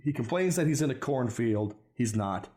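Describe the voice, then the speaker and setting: A man's voice: mid-range voice, expressive, moderate pace, mellow. Young guy ranting thru a bad movie plot, sarcastic n sweary. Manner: sarcastic, profane recapping. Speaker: podcast host recapping a movie. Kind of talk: casual chat.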